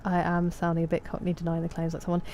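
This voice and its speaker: A woman's voice: on the low side, completely flat delivery, fast talker, darkish tone, slight background noise. A woman with an English Estuary accent, chatting casually with viewers while she streams a game. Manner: chatty, answers chat messages by name.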